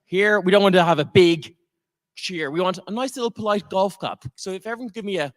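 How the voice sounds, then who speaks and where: A man's voice: high voice, fairly quick. An Irish man acting as dungeon master for a live tabletop game podcast on stage in a convention auditorium, playful and laughing with the crowd.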